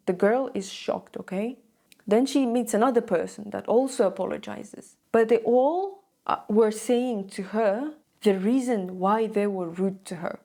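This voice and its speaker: A young woman speaks straight to her viewers, retelling a story in a loose, conversational way and checking in with them as she goes. Her voice sits at an ordinary middle pitch with a steady gravelly fry running through it. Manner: chatty, frequent "like" and "okay?" check-ins. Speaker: vlogger. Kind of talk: casual storytelling to camera.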